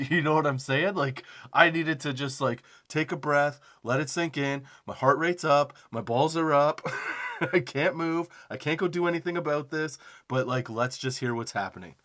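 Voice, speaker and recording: A man's voice: medium pitch, brisk, fairly bright tone. A man hosting a comedy podcast, telling a rambling, profane story with self-deprecating laughs.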